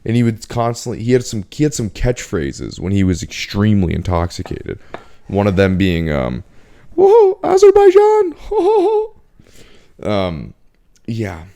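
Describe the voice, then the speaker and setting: A man's voice: low-pitched, normal speed, darkish tone. A man hosting a casual solo podcast, talking in a rambling, laid-back way and peppering his speech with "like" and "dude". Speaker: podcast host.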